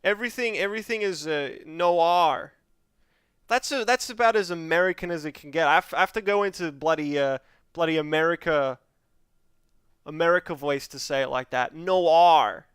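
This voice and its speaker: Australian man, streamer, casual game commentary, joking, clear voice, dry close mic. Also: on the high side, brisk, fairly bright tone, no echo. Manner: rambling, joking, laughs often.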